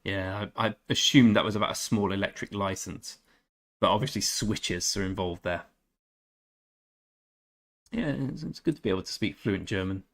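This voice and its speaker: While streaming a game, a man keeps up a chatty conversation with his audience, reading their chat messages aloud, responding, and stumbling through bits of German. His voice sits on the low side, creaky yet fairly bright in tone.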